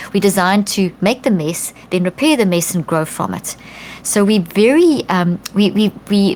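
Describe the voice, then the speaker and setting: A middle-aged woman guest on a podcast, explaining in an earnest, animated way, often restarting and acting out quotes. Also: fairly low pitch, a little hiss or hum. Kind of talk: conversational explanation.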